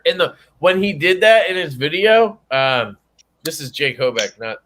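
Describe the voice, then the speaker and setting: A man's voice: a little high, lively intonation, moderate pace, a bit bright, slight background noise. A man hosting a casual chat, joking crudely and talking with lots of energy. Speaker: host.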